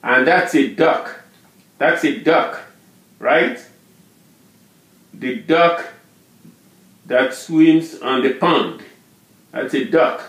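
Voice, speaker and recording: A man with a slightly high voice teaches a language lesson at a very slow, deliberate pace. He repeats words and syllables again and again, marking each tone. The sound carries a noticeable room echo. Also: a bit bright. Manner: drills syllables and tone names, repeating words slowly. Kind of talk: slow, patient pronunciation lesson.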